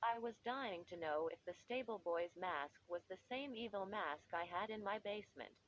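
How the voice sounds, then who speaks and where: A woman narrating a story in the first person, with a measured, expressive reading. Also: mid-range voice, muffled recording, slight background noise. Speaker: audiobook narrator.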